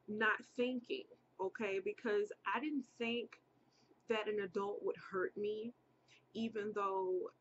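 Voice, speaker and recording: Slow-talking woman telling a story. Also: medium pitch, lo-fi sound, a little hiss or hum. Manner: chatty, repeats herself, addresses viewers directly. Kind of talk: casual storytelling vlog.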